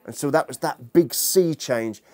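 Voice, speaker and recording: A man's voice: medium pitch, unhurried, mellow. A man lecturing as a historian to an audience, humorous and chatty, bantering with the room. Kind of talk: lecture with jokey asides.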